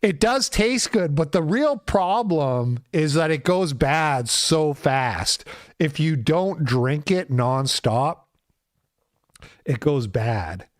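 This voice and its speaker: A man's voice: a little high, animated, slow pace, no room sound, clean studio sound. A man hosting his own show, ranting in casual commentary with a sarcastic edge. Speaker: show host.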